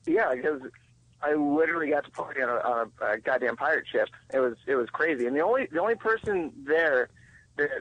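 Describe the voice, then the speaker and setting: A man's voice: on the high side, animated, fairly quick, no room sound, lo-fi sound. A man chatting casually on a podcast, recounting a party night. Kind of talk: casual chat.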